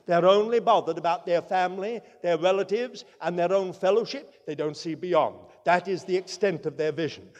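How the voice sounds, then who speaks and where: A high-voiced man preaching a sermon in a large hall, his words trailing off into a long reverb. He tells stories with emphasis and slows right down to stress key points.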